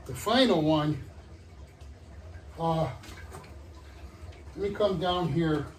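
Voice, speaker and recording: A man vlogging his hobby build, out of breath, talking to viewers in halting, trailing commentary as he works. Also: fairly high pitch, far from the mic. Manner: halting, muttering to himself, trailing off. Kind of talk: casual running commentary while working. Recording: roomy, off-mic, faint background noise.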